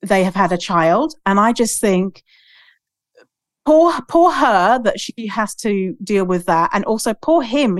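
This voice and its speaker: A woman's voice: mid-range voice, dry recording, clean studio sound. A woman guest on a podcast, talking candidly and emphatically, swearing freely. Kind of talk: candid conversational podcast talk.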